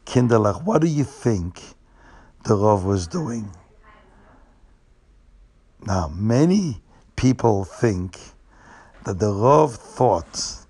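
A man telling a religious story to children, animated and repeating words for emphasis. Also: lowish voice, extremely slow, long pauses, slightly rough.

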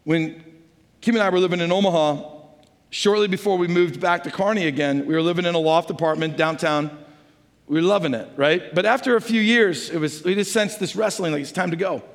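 A middle-aged pastor preaches from the stage of a large church sanctuary in a notably high, light voice, speaking a little fast. He chats with his congregation like he's telling them a story, then slides into prayer during the sermon. The big hall gives the recording a long, reverberant tail.

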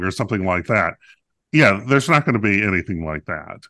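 A man with a lowish voice and a bright, forceful edge, chatting casually as a podcast co-host. He talks in a loose, playful way, full of ums and restarts. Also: expressive, brisk. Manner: talkative, playful, many fillers and restarts. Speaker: podcast co-host reviewing a musical. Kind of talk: casual chat.

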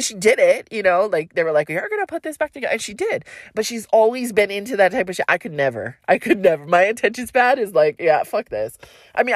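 A woman's voice: medium pitch, no echo, clean studio sound. A young adult woman hosting a solo podcast, telling a story in a rambling, loose, profane way. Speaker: podcast host.

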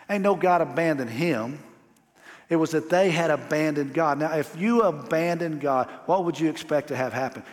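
Preaching man, casual and emphatic. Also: on the high side. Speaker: pastor. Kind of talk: sermon. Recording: long hall reverb.

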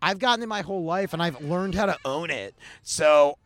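A man, a comedian, telling stories in casual podcast chat, animated and acting out other people's voices. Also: normal speed. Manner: animated, acts out other people with big pitch jumps.

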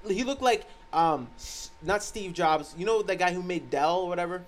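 A man's voice: sits high, normal speed. A young man co-hosting a podcast, telling rambling stories in a casual chat, swearing and laughing often. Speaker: podcast co-host.

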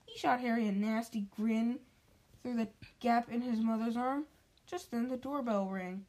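A woman with a high voice reads a storybook aloud, unhurried and a little mellow. She stumbles frequently, going back to restart words and phrases as she reads.

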